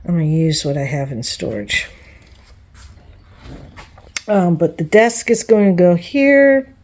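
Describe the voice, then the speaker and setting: A woman's voice: lowish voice, expressive, takes it slowly, a little mellow. A woman casually walking through her new home, chatting and rambling with fillers and small laughs. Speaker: vlogger giving a home tour. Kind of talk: casual home tour walkthrough. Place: small home indoors, bedroom and bathroom.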